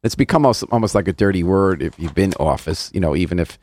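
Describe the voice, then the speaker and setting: A man hosting a radio interview show, asking questions in a brisk, chatty way from a studio. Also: sits low, expressive, a little mellow.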